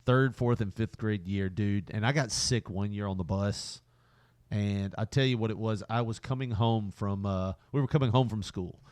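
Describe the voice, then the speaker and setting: A man's voice: lowish voice, a little mellow, dry recording. Laid-back man telling a rambling story. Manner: rambling, drawn-out anecdote told with frequent laughter. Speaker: podcast co-host. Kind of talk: casual storytelling chat.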